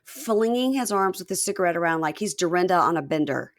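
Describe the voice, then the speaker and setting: Lively-voiced woman podcast host. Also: fairly low pitch, a little fast. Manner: animated, acts out the people she describes in raised voices. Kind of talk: casual chat recapping a reality show.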